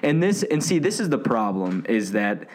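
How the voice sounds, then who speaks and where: A man's voice: mid-range voice, very animated, normal speed. A man hosting a casual movie discussion, enthusiastic and gushing as he retells scenes. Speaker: podcast host.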